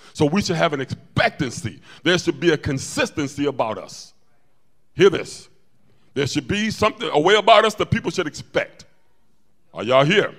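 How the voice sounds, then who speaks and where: A man preaching a lively sermon to his congregation, telling stories and calling out to the room. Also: on the high side, brisk. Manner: animated preaching, storytelling with call-outs to the congregation. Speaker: pastor.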